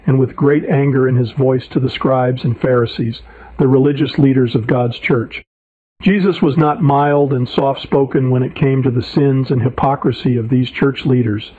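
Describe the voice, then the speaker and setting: A man's voice: medium pitch, no room sound. A man preacher reading his own sermon paper aloud, emphatic and indignant. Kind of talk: read sermon narration. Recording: tinny phone-like audio.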